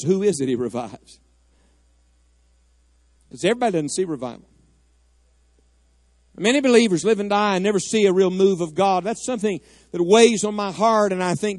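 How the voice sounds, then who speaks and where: A man's voice: high voice, a little mellow, no echo. A middle-aged man preaching a fervent, emphatic sermon in a church, rising at times to cries of prayer. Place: church sanctuary.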